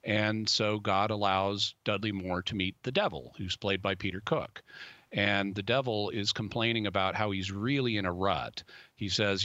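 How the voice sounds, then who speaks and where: A man speaking as a guest expert on a radio show, explaining points thoughtfully with many pauses. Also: on the low side, fairly even intonation, pushed and bright, no room sound, lo-fi sound.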